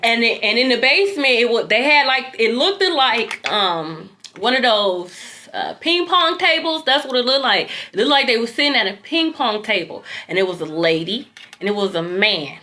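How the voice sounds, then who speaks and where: A woman, telling viewers a long dream story in a loose, animated way, swearing freely and talking straight to them. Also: fairly high pitch, normal speed. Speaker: tarot reader recounting a dream.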